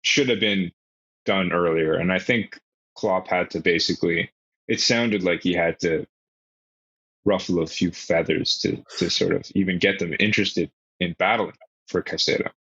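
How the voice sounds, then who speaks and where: A man's voice: low voice, moderate pace, slightly rough, dry recording, dull audio. A man co-hosting a podcast, chatting casually and jokily about football and swearing freely. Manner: animated, jokey, swears freely. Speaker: podcast co-host.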